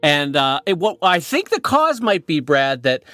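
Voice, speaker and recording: A man's voice: fairly high pitch, very animated, measured pace, bright, forceful tone, no echo, clean studio sound. A man co-hosting a podcast in casual chat, joking and self-mocking while in pain from a hurt back, talking from a small closet at home. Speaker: podcast co-host.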